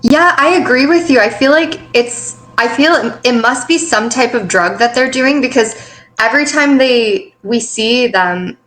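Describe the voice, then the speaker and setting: A woman's voice: a little high, a little slow, a bit bright. A woman co-hosting a casual celebrity gossip chat, eager, with restarts and fillers as she talks. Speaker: co-host.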